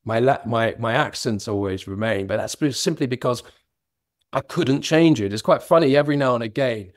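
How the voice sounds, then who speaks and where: A man's voice: mid-range voice, moderate pace, no echo, clean studio sound. A middle-aged man from London with a faint trace of Cockney, talking candidly and reflectively as an interview guest. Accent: London, slightly Cockney. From England. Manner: earnest, reflective, occasional self-amused laughter. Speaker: author and business guest.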